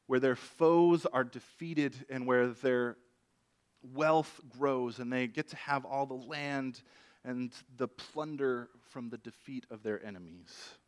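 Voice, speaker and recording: A man preaching a sermon, retelling an old story in a lively, conversational way. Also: medium pitch.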